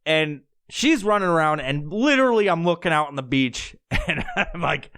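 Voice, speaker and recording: A man's voice: fairly high pitch, animated, normal speed, creaky, a bit bright. A man, telling a rambling, profane, laugh-filled story as a podcast host. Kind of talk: casual storytelling.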